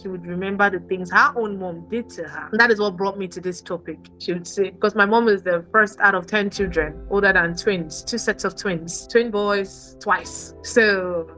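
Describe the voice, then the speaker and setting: A woman's voice: medium pitch, fairly even intonation, moderate pace, hardly any pauses, sharp tone, soft background music, low-quality recording. A woman with a Nigerian accent, a podcast guest telling her story candidly and emphatically, repeating words to press her points.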